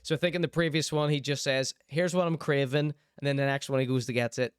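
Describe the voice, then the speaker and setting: A man's voice: medium pitch, fairly even intonation, fast, clean tone, no room sound, studio quality. A man hosting a show, commenting on clips casually and enthusiastically, often repeating himself. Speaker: show host.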